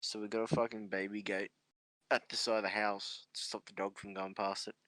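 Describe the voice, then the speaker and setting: A man's voice: lowish voice, little pitch movement, brisk, sharp tone, no room sound. A young man hosting a podcast, telling stories in a rambling, swear-filled casual chat with frequent laughs. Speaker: podcast host.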